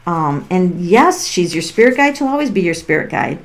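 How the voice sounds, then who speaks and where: On her farm, a middle-aged woman runs a live tarot stream, her lowish voice very animated at a moderate pace. Speaking through the laptop's built-in mic, she's chatty, meandering, and quick to laugh while doing readings.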